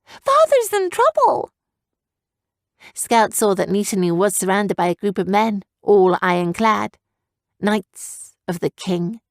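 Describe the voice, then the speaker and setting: Female audiobook narrator, steady storytelling, dry close-mic studio sound. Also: mid-range voice, unhurried, no echo. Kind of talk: scripted narration.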